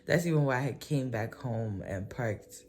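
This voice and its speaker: A woman's voice: rumbling low, expressive, unhurried, darkish tone, slight background noise. A woman vlogger telling a personal story in a casual, rambling way, full of "like" and "um" and frequent self-corrections. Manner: rambling, filler-heavy, often self-correcting.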